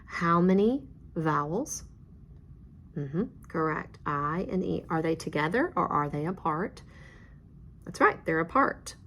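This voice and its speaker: Low-voiced encouraging woman teaching phonics. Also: expressive, measured pace, a bit bright, slight background noise. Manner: patient, encouraging, step-by-step, praising the class. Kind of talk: classroom phonics lesson.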